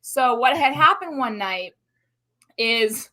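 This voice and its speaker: A woman co-hosting a casual live-stream chat, telling a story in an animated, profane way. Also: on the high side, slow. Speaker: co-host. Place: Central Florida.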